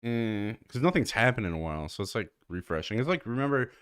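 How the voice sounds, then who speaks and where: A man's voice: lowish voice, big pitch swings, fast, fairly bright tone, smooth, no echo, clean studio sound. A man co-hosting a casual podcast, laughing often and talking in loose run-on thoughts. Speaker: podcast co-host. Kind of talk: casual chat.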